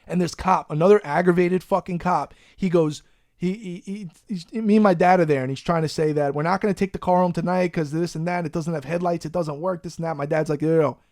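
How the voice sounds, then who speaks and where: A man, hosting a podcast and telling a profane, animated story in a casual way. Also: high voice, a little fast, no echo, studio quality. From Long Island, New York. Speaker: podcast host.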